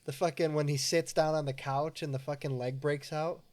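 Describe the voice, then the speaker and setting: A man's voice: a little high, steady tone, moderate pace, darkish tone. Laid-back man who laughs a lot. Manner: laid-back, laughs often, swears casually. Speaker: podcast co-host. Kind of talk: casual chat.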